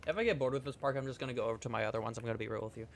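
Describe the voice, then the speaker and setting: Streaming a video game, a man chats casually with his viewers in a playful, rambling, jokey style, swearing now and then. His medium-pitched voice races along with fairly even intonation.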